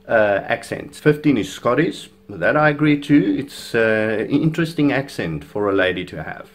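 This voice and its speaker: A man's voice: fairly low pitch, moderate pace, few pauses. A South African man whose first language is Afrikaans, giving chatty, opinionated video commentary with frequent chuckles. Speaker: fitness vlogger.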